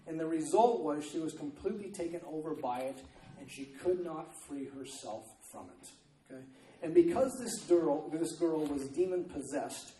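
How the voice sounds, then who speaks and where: A man delivers a sermon in a chatty, conversational manner, often pausing to check in with his listeners. His voice is slightly high and mellow. He sounds somewhat distant from the mic, in an echoey church room. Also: slight background noise. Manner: conversational, repeats "okay?" to check in. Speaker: preacher.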